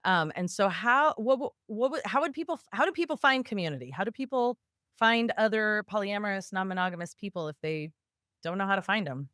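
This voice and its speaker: A woman podcast host who asks her guest questions in a halting way, restarting as she goes. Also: medium pitch, lively intonation, a bit bright, dry recording, studio quality. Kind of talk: interview questions.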